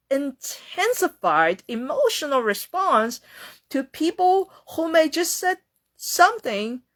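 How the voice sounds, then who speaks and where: Earnest woman giving a mindfulness talk. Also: sits high. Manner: earnest, repetitive, acts out quoted complaints. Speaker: host.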